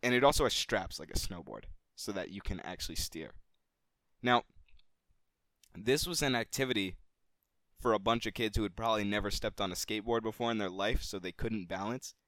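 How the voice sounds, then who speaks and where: A man co-hosting a podcast, telling a childhood story in a casual, animated way and swearing freely. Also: fairly quick, dry recording, studio quality. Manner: animated, gets louder and higher at the story's climax. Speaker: podcast co-host.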